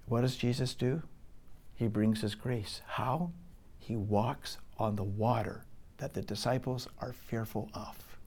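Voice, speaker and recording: Man preaching with loud-to-whisper swings. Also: medium pitch, measured pace. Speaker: pastor. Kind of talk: sermon.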